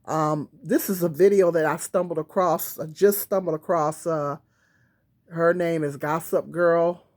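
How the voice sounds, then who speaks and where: A woman's voice: on the low side, fairly even intonation, a little slow, a little mellow. Rambling woman vlogger, casual talk. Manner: rambling, many fillers and restarts. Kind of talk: casual talking-to-camera vlog. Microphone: phone or camera on a tripod.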